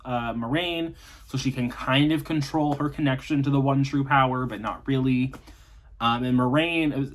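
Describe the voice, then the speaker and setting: A man vlogging casually about a book he is reading, with sarcastic, chatty remarks and loose fillers. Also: medium pitch. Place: in a vehicle on the way to work.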